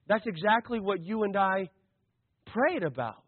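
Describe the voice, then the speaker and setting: Man, pastor preaching, animated storytelling, very high voice, phone-like tinny audio. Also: slow, pauses often, slightly rough. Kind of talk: sermon.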